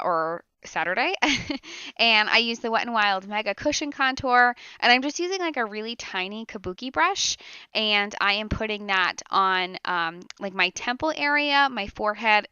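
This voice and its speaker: A woman's voice: mid-range voice, sharp tone, clean tone, dry recording, highs cut off. A young woman doing a casual makeup tutorial voiceover while sick. She sounds a little nasal and rambles with fillers and giggles. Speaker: beauty vlogger. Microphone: close voiceover mic.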